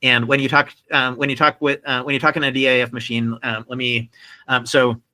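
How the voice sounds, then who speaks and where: A man's voice: mid-range voice, little pitch movement, fairly quick, bright, forceful tone. A man talking casually and unscripted to camera, with many repeated words, restarts, and fillers, and sudden bursts of speed. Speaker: video creator talking about his speech.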